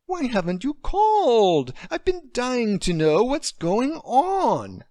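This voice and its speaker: A man voicing an excitable, overanimated adult woman friend who giggles as she talks, in a storybook reading. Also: low voice, measured pace, no room sound, clean studio sound, pitched above the performer's own voice, full character voice. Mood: eager.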